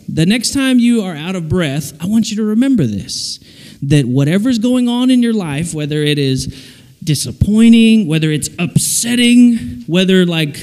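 A man giving a playful, animated children's sermon in a camp dining hall, full of jokes and sound effects. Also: high voice. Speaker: children's speaker.

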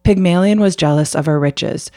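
A man's voice: sits high, moderate pace, darkish tone, dry recording, clean studio sound, close to an everyday voice. A woman voicing the ghost of a murdered husband who gives a grave warning in a storybook retelling. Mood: urgent. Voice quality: muffled.

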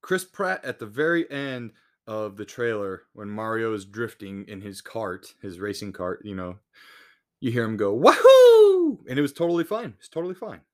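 A man's voice: lowish voice, expressive, normal speed. A man hosting a podcast in a casual solo rant, blunt and full of swearing. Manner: profane, blunt, exasperated. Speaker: podcast host.

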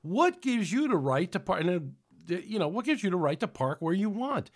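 A man's voice: high voice, sing-song, moderate pace. A man preaching on a podcast in a rambling, conversational way, with many restarts. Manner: rambling, with frequent restarts and acted-out quotes. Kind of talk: sermon-style podcast talk.

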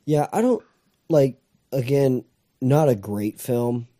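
A man's voice: mid-range voice, animated, slow, dark tone. A man co-hosting a podcast, speaking in casual chat with hesitant, hedging remarks and brief replies. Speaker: podcast co-host.

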